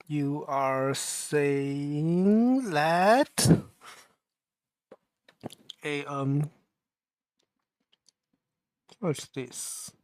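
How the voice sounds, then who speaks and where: A man talks himself through his work on a live stream, mumbling and stopping to question himself. He speaks slowly, at a middling pitch. His voice is close and dry, with no room sound. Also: no echo. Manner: mumbling, halting and self-questioning. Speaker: livestreamer. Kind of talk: thinking aloud while programming.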